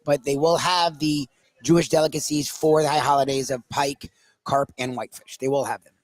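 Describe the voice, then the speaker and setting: A man's voice: a little high, steady tone, a little fast. A man co-hosting a food show at a market, answering viewer questions and teasing his partner. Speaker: co-host. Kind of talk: casual food chat.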